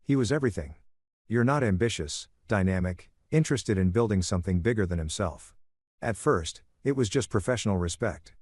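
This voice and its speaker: A cold, calculating middle-aged businesswoman, read by a man narrating a story speaks calmly and matter-of-factly, each remark cutting. The voice sits fairly low and the recording is dry and close. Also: brisk, husky, dry recording. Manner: calm, matter-of-fact, cutting. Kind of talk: audiobook story reading.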